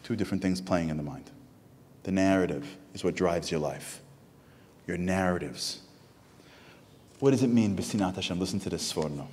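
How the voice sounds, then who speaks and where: A man's voice: low voice, moderate pace, pauses often, darkish tone, slight background noise. A man delivering an impassioned sermon as a rabbi in a synagogue hall, firing off emphatic rhetorical questions. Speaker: rabbi giving a lecture. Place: synagogue hall with live audience. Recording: reverberant hall sound.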